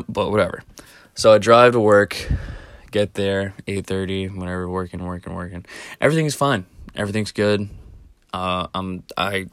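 Casual vlogger, male, low voice, rambling profane storyteller, laughs as he talks, dry close sound. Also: normal speed, dry recording.

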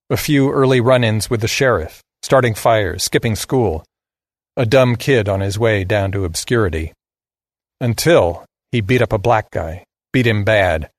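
A man narrates a story in a blunt, sardonic voice. His voice sits on the low side and he delivers the script plainly. The recording is dry and close, with no room echo.

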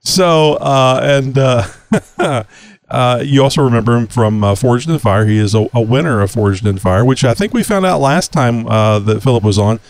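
A man's voice: medium pitch, normal speed. A male podcast host chatting loosely with a guest over a video call. He rambles, restarts sentences and fills gaps with "uh", laughing easily at his own jokes. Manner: rambling, many fillers and restarts, laughs often.

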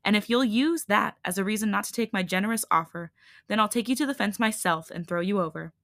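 A woman reading a tired but firm young male hybrid leader in a calm, steady voice. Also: mid-range voice, fast, no echo, studio quality, natural voice.

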